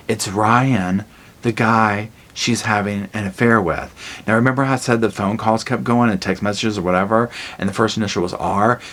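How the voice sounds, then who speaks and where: A man reviewing a movie in a casual spoiler recap, telling it in an animated, slangy way and acting out the scenes. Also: fairly low pitch.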